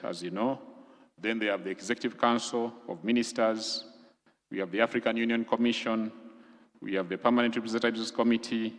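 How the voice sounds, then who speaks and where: Male official from Uganda, lower register, formal measured briefing, long hall reverb. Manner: measured, explanatory, lists items deliberately. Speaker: government official briefing legislators. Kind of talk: formal presentation. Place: large conference hall.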